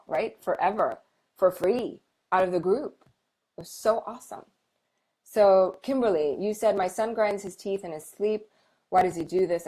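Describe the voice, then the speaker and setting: A woman's voice: medium pitch, a little mellow. Chatty encouraging woman on a live stream. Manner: chatty, encouraging, many fillers and restarts. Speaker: medical intuitive hosting a live Q&A. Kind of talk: casual live stream chat.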